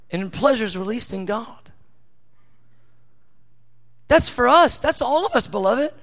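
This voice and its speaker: A man preaching a sermon in an intimate, tender way, at times acting out God's voice softly. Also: very high voice, lively intonation, takes it slowly, long pauses.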